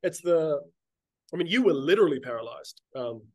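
A man's voice: fairly high pitch, lively intonation, normal speed, dry recording, clean studio sound. A man who is a guest on a podcast, talking in a casual, teasing and emphatic way, swearing freely.

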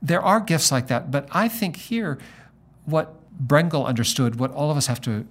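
A middle-aged man, a pastor, talking in a relaxed conversation and telling a story, acting out the lines of the people in it. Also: fairly high pitch, moderate pace. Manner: animated storyteller acting out dialogue. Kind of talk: conversational storytelling in a podcast interview.

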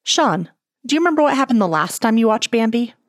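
A woman's voice: fairly high pitch, very animated, fast, no room sound, clean studio sound, voice pushed up. A woman voicing an exasperated male friend who chides in a weary manner. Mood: chiding.

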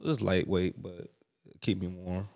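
A man's voice: low voice, steady tone, a little slow, darkish tone. A young man co-hosting a podcast in casual chat, laid-back and teasing as he tells a story. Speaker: podcast co-host.

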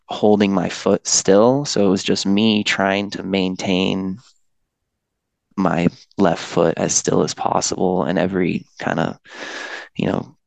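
Low gravelly man telling a story. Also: dry recording. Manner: laid-back, self-deprecating, many fillers. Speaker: podcast guest. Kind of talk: casual storytelling.

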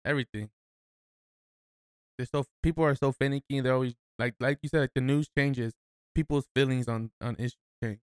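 A laid-back young man adds short remarks in a casual chat with a friend. His voice is smooth and clear at a middle pitch, with a close, dry sound. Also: fairly even intonation, a little fast, dry recording. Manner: laid-back, backs up the speaker with short interjections.

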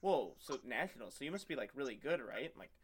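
A man's voice: mid-range voice, expressive, a little fast, very noisy. Rambling young man joking about lifting. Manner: rambling, joking storyteller who acts out other people. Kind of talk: casual chat.

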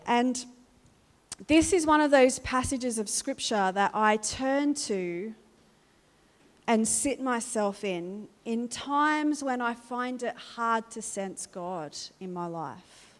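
A woman's voice: fairly high pitch, animated, slow. A woman giving a chatty, earnest reflection on scripture with many fillers. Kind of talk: informal devotional talk. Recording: long hall reverb.

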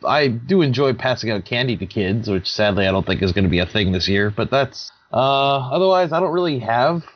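A man's voice: mid-range voice, animated, fairly quick. A man answering in a casual podcast chat, hesitant and laid-back. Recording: dull lo-fi sound.

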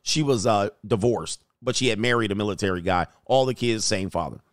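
Brief: middle-aged man, blunt dating coach, animated storyteller, dry close sound. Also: fairly low pitch, fairly quick, no room sound. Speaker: dating coach reacting to clips. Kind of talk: casual commentary.

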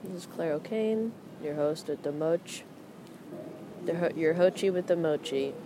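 A woman's voice: sits low, a little slow, background noise. A young woman hosting a podcast outdoors in a park, rambling casually and joking at her own puns. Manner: rambling, self-mocking puns, laughs at own jokes. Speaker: podcast host. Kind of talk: casual monologue.

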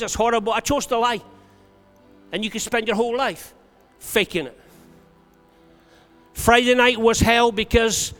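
A male preacher telling stories to a congregation, building to shouted calls to praise. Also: high-pitched. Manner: storytelling, rising to shouted exhortation. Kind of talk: sermon. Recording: long hall reverb with faint music.

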